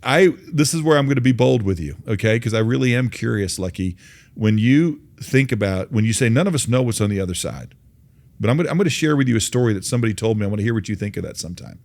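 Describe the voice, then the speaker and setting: A man's voice: mid-range voice, animated, quick pace, darkish tone. A man hosting an interview, telling a folksy parable in an earnest way with many restarts. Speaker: host. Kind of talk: faith-based interview, storytelling.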